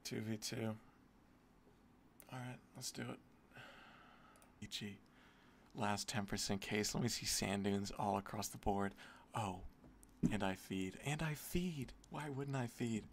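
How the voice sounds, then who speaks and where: Exasperated male gambling streamer, gravelly low voice, cursing, slight noise behind. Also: fairly even intonation, a little slow, pauses often. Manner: swearing, exasperated, muttering. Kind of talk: casual gambling commentary.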